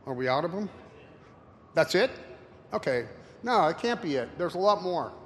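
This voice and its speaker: A man's voice: a little high, very animated. Rambling man in a reverberant hall. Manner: rambling, halting, many fillers. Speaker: presenter. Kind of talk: casual slide talk with anecdotes. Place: room with an audience. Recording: reverberant hall, faint noise.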